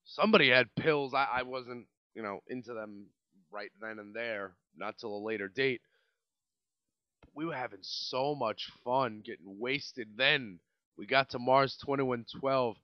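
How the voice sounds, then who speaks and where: A man in his late twenties with a New York accent, hosting a podcast and telling a rambling, profane story in a casual, animated way. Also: mid-range voice, smooth, no echo, muffled recording. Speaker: podcast host.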